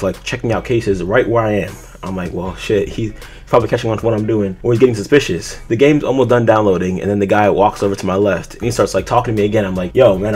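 Fast-talking young man telling a story. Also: lowish voice. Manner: animated retelling, casual swearing. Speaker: gaming YouTuber. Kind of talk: storytime vlog.

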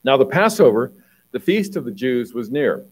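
A man preaching a conversational sermon, reading Bible passages and explaining them, often clearing his throat. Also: mid-range voice, sing-song, normal speed, low-quality recording.

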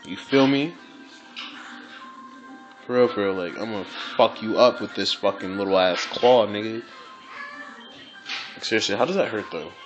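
Excitable, swearing man playing a game. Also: lowish voice, normal speed, pauses often, lo-fi sound, over music. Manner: excitable, profane, repeats phrases, laughs often. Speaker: gameplay commentator. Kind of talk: casual gameplay commentary.

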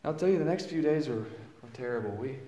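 A man preaching a dramatic first-person monologue, storytelling and swinging from hushed lows to loud exclamations, recorded in a church. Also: expressive, fairly quick, slight background noise. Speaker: pastor. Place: church sanctuary. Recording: roomy echo.

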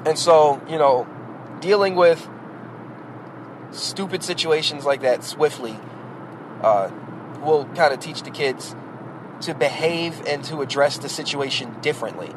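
A man's voice: on the high side, a little slow, long pauses, noisy background. A man hosting a podcast, talking bluntly and at length about raising kids in a casual, opinionated monologue. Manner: rhetorical, addresses the listener directly. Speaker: podcast host; parent.

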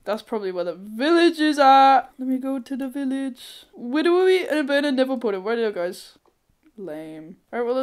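Her voice sits fairly high as this woman plays through a game on a casual let's-play. She talks her thoughts out loud, curses without holding back, and bursts into excited squeals out of nowhere.

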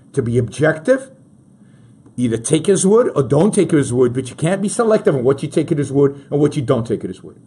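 Guy hosting a political talk show, high husky voice, pitch jumping all over, talks straight at his listeners. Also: a little mellow. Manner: emphatic, addresses listeners directly, many restarts. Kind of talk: opinionated political commentary.

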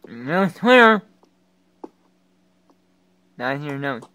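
Excitable young man reacting aloud. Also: on the high side, very slow, low-quality recording. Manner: excitable, loud bursts of exclaiming. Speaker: reaction video creator. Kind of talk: reaction commentary.

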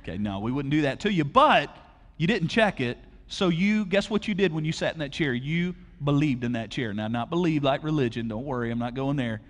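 A man's voice: fairly high pitch, animated, a little fast, fairly bright tone. A man preaching a conversational sermon to a church audience, asking them questions directly. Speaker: pastor. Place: large church auditorium. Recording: long hall reverb.

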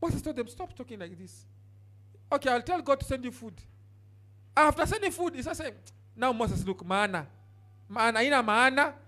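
This pastor's voice is extremely high and sing-song, and he preaches at a moderate pace with frequent pauses. He moves from shouted bursts to quiet asides and urges the congregation to turn to their neighbors.

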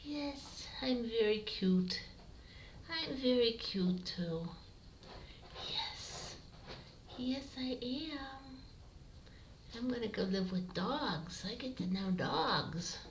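A woman voicing a sweet, easygoing male kitten in a soft whispered role-play. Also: fairly high pitch, expressive, drawn-out words, pauses often, a little hiss or hum, voice pushed up, exaggerated voice. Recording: echoey small bathroom, mic far off.

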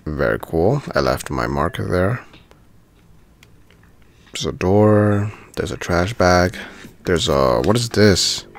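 A man's voice: deep voice, animated, takes it slowly, gravelly, pauses often. A man giving casual commentary while playing a video game, thinking aloud and easily delighted by small things. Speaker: gaming channel host.

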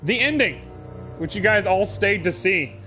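Animated, swearing male streamer. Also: sits high, unhurried, soft background music. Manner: animated, profane, joking. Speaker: gaming streamer. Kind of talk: casual live-stream commentary.

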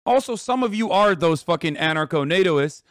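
Male streamer, high voice, dry close mic; heated, profane rant to chat. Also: expressive, moderate pace, no echo. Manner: angry, profane, reads news aloud then rants at chat. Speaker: streamer reacting to news.

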